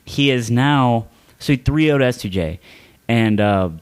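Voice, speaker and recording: Young man, podcast co-host, laughs often, excitable, profane, casual chat. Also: mid-range voice, unhurried, clear, resonant tone.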